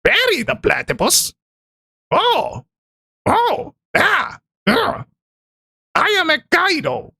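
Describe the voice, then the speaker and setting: A streamer voicing a bumbling male cartoon mad scientist in a shrill, squawking, flustered way. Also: wildly swooping pitch, slow, creaky, long pauses, pushed and bright, full character voice.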